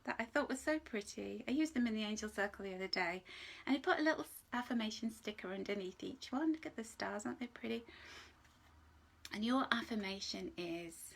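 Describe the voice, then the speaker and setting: A woman giving a live angel card reading in a gentle, reassuring way. She is emotional, laughs often, and at times drops to a soft whisper. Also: mid-range voice, a little fast, gravelly.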